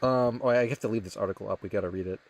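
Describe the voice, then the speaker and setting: Speaking very fast in a lower-pitched voice, a young livestream host is captured in a dry recording. He chats casually and reads viewer comments aloud, rambling with many fillers and restarts.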